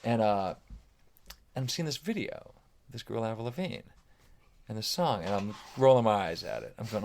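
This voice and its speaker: A guest musician tells podcast anecdotes in a relaxed storytelling mode, his lowish voice moving at a moderate pace with long pauses and a little hiss or hum. He's animated, reenacts what people said, says "like" frequently, and swears now and then.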